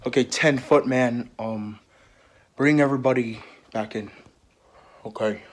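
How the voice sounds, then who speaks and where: A man's voice: medium pitch, fairly even intonation, a little slow, long pauses. A man improvising role-play voices for game characters, stammering and repeating his words. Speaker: player voicing game characters.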